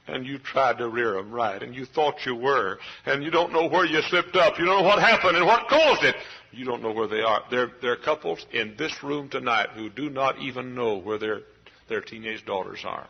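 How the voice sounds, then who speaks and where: A middle-aged man preaching a sermon as a pastor, swinging from hushed confiding to shouted outbursts. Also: mid-range voice, expressive, moderate pace, vocal fry, husky, low-quality recording. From Texas. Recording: live church service recording.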